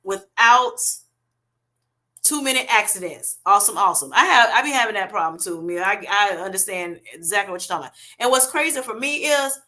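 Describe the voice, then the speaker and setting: Bright-voiced chatty middle-aged woman. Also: mid-range voice, animated, a little fast. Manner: chatty, affectionate, calls viewers honey and baby. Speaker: livestream host reading viewer comments. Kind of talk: casual livestream chat.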